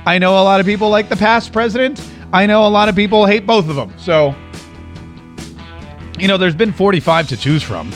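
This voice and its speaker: Rambling high-voiced male show host. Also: expressive, fairly quick, pauses often, faint music behind. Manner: rambling, restarts sentences, conversational. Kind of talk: casual live-stream chat.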